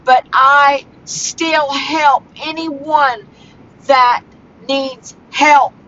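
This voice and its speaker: Slow, halting woman vlogging outdoors. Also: high voice, fairly even intonation, sharp tone. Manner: slow, halting, emotional rants. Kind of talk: casual vlog talk. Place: walking outdoors near home. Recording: dull phone audio with faint outdoor noise.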